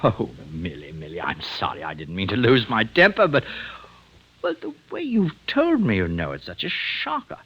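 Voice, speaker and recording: An actor playing a genteel middle-aged poisoner in a 1950s radio drama, who narrates, wheedles and turns cruel. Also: male voice, high-pitched, huge pitch swings, measured pace, creaky, a bit bright, breathy edge, heavily acted, poor audio. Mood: pleading. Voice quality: theatrical, wheedling then venomous.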